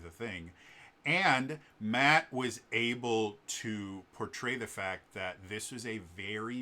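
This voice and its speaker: A man vlogging, retelling a game scene casually in an animated, rambling way with many fillers. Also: fairly low pitch. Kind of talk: casual storytelling vlog.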